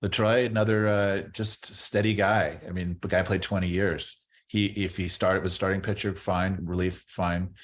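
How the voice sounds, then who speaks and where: Middle-aged male guest, very low voice, loose rambling chat with lots of restarts. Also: level tone, moderate pace, few pauses. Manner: rambling, repeats words and restarts often. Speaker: podcast guest, former baseball player. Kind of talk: casual interview chat.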